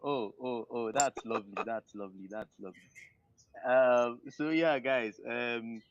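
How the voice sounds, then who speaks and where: A man's voice: mid-range voice, unhurried, no echo. Man, mid voice, chatty, dry dull lo-fi sound. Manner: chatty, repeats himself. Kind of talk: casual group chat. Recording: dull lo-fi audio.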